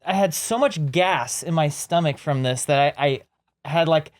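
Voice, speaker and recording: A man co-hosting a podcast, telling stories in casual chat with lively, rambling delivery. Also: on the high side, normal speed. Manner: rambling storyteller, animated. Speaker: podcast co-host.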